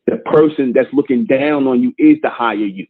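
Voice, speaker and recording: A man preaching to his listeners in an emphatic cadence, hammering each point home through repetition. His voice is husky. It comes through a tinny, phone-like line. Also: medium pitch, moderate pace. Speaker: show host. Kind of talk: preachy call-in show monologue.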